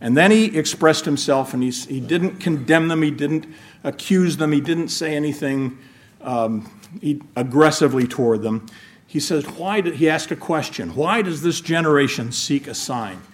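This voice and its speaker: A man's voice: a little high, normal speed. A middle-aged man preaching a sermon in a conversational way, often restarting his sentences and adding asides.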